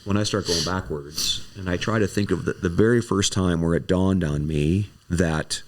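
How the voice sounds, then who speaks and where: A man from Wisconsin speaks in a very deep voice. He reflects as he talks, pausing and restarting his sentences often. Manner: reflective, halting, many restarts. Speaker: guest, company COO. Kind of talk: personal storytelling.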